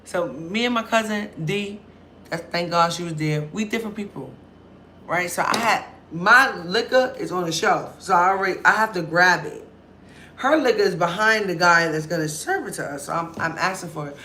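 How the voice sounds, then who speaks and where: A woman's voice: fairly low pitch, moderate pace, a little hiss or hum. A woman vlogger telling a story casually and with lots of energy, acting out other people's voices and swearing freely. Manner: animated, acts out others' voices, profane.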